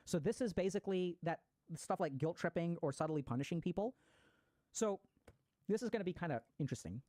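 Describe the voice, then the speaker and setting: A man, a psychiatrist, lecturing casually and at a brisk, rapid clip. His voice sounds dry and close, with no room echo. He talks in a chatty way, swears now and then, and drops gaming slang. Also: a little high, expressive, warm tone. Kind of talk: casual lecture to an online audience.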